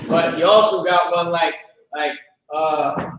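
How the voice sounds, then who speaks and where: A man's voice: on the high side, fairly even intonation, unhurried, a bit bright. A man leading a loose classroom lecture, slangy, blunt and profane, often drifting into asides. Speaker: teacher. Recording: very echoey room.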